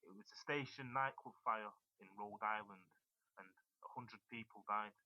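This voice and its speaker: A man's voice: lowish voice, normal speed, no echo. A man from Ireland, rambling and thinking aloud as he chats on a casual online radio show. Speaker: talk show co-host. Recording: dull lo-fi online stream.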